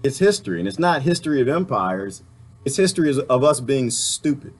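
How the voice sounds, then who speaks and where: A man's voice: medium pitch, very animated, brisk. A man delivering an impassioned political rant to camera, full of rhetorical questions and mild swearing. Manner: emphatic, rhetorical questions, swearing, laughs often. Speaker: vlogger.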